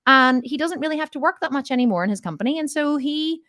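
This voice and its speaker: Woman, middle-aged, fitness and mindset coach, motivational Q&A, emphatic, repeats herself for weight, slightly high voice. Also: lively intonation, fast, pushed and bright, no room sound, clean studio sound. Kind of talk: motivational Q&A talk.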